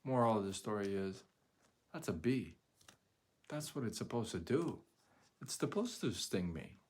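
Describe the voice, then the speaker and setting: A man hosting a live stream, telling a story casually in a rambling, animated way, full of fillers and restarts. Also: lowish voice, a little slow.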